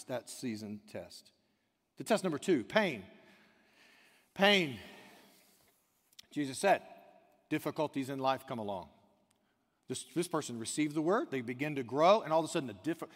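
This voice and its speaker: A pastor preaching a sermon, dropping to hushed asides and rising to near-shouted emphasis. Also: male voice, mid-range voice, big-room sound.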